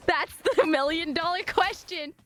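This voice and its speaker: A woman's voice: very high-pitched, animated, slow pace. A young woman streaming live, chatting casually with her viewers in a giggly, rambling, apologetic way.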